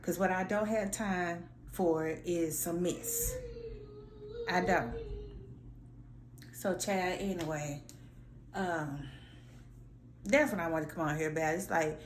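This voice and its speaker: A woman vlogger telling a story in a sassy, animated, slangy way, acting out her own lines. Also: on the low side, slow, long pauses, reverberant, noisy background. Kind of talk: casual storytelling rant.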